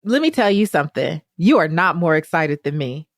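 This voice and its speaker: A woman's voice: low-pitched, sing-song, normal speed, dry recording, studio quality. Enthusiastic woman hosting a podcast. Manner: effusive, enthusiastic, rambling. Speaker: podcast host. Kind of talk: podcast intro and interview chat.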